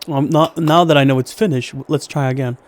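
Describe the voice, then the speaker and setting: Chatty man with a fairly high voice. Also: steady tone, a little fast. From Sweden. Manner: chatty, rambling, self-mocking. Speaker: streamer. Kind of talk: casual gameplay commentary.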